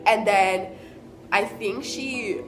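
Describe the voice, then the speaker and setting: A young woman vlogger telling childhood stories in a casual, animated way, often acting out what people said. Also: medium pitch, very slow, background noise. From Southern California. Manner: chatty, animated, acts out quoted voices. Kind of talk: casual storytelling.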